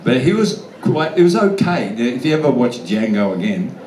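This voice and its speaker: An Australian guest actor from the outback answers convention Q&A questions with casual, blunt stories and plenty of swearing. His mid-range voice swings widely in pitch, is slightly mellow, and moves at a normal speed. He's recorded from far off in a large, echoey convention hall with faint room noise.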